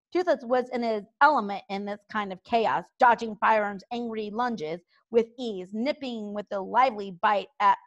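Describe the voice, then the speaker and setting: Woman, storybook read-aloud, expressive, lively melody, higher voice. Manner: expressive, animated narration. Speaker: children's book reader.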